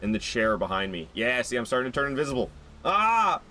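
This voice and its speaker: A man streams a game with casual live commentary at a racing pace, growing excitable and jumping up high in pitch whenever something surprises him. There's a little hiss or hum in the recording.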